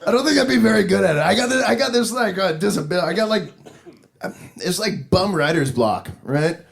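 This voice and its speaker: A man's voice: high voice, lively intonation, a little fast, vocal fry. A man doing a rambling, profane stand-up comedy set, chuckling at his own jokes. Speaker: stand-up comic. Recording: live club recording with crowd noise.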